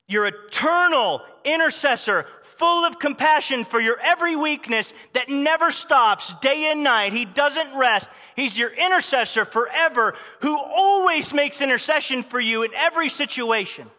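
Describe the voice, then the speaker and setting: A man delivers a sermon in a high, bright voice, pressing his points with fervent repetition. His words ring out with the long reverb of a large hall. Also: lively intonation, moderate pace, hardly any pauses. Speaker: pastor.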